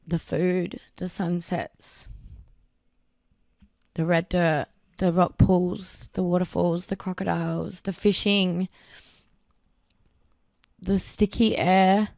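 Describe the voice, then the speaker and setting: A woman's voice: on the low side, level tone, takes it slowly, gravelly, long pauses, darkish tone, no room sound, clean studio sound. A young Australian woman from Darwin hosting her own podcast, talking in a candid, emotional personal reflection with casual swearing. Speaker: podcast host.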